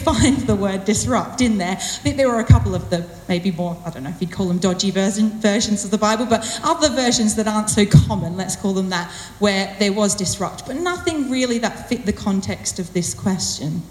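A woman's voice: mid-range voice, darkish tone, slight background noise. A woman giving a personal sermon talk in a chatty, self-deprecating way, with playful emphasis on her words. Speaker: church speaker. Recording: echoey hall with long reverb.

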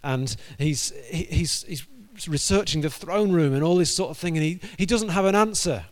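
A man's voice: a little high, normal speed. A man preaching a sermon, telling a story with animation and acting out the dialogue.

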